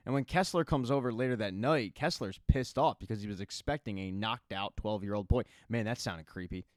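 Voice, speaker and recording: Guy doing a chill tv recap, mid-pitched voice, chatty with little side comments. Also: dry recording, studio quality. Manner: chatty, with offhand asides. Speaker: TV recap host. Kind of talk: casual spoken episode recap.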